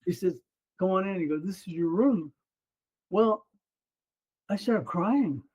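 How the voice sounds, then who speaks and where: A high-sitting, a little mellow and slightly rough voice with lively intonation, a little slow, belongs to a Mexican man in his seventies. Formerly a runner and coach, he talks earnestly about his life as a podcast guest in a room at his home, saying "you know" often. The sound is dull and lo-fi.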